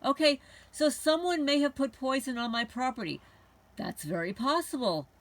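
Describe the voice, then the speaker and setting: A woman's voice: sits high, lively intonation, normal speed, a bit bright. A woman hosting a homesteading channel, talking to camera in a heated, indignant monologue and swearing now and then. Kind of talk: rambling angry monologue to camera.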